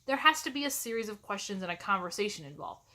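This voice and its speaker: A woman's voice: medium pitch, animated, fast, sharp tone. A woman college instructor ranting to camera in a snarky, sarcastic, exasperated way.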